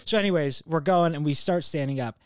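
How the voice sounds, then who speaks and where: A man's voice: on the high side, a little fast, smooth, no room sound, studio quality. A man hosting a podcast, telling a story in casual chat, rambling with many restarts, fillers and swearing. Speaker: podcast host.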